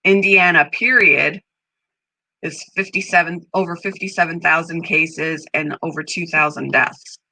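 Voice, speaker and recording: A woman chatting casually with viewers from a room at home. Her voice is bright and forward, recorded dry and close. She talks slowly and sometimes coos at her pet bird in a high, sing-song voice. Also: steady tone, no room sound, low-quality recording. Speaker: channel host. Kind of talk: casual live-stream chat.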